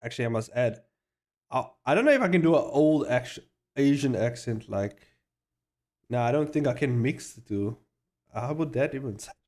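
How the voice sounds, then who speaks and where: A man's voice: medium pitch, lively intonation, moderate pace, long pauses, darkish tone. A man chatting casually to his livestream viewers, rambling, laughing often and swearing freely. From South Africa. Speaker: streamer.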